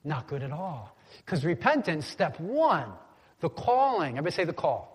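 A man with a fairly high voice preaches in an easy, conversational way, now and then calling on the congregation to repeat a word after him. His voice trails off into the long reverb of a large hall. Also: very animated, moderate pace, husky. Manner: casual, conversational preaching with call-and-response prompts. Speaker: pastor. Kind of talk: sermon.

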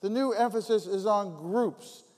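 High-voiced preacher in a reverberant hall. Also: male voice, measured pace, darkish tone. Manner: conversational preaching with repeated phrases. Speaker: pastor. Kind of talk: sermon.

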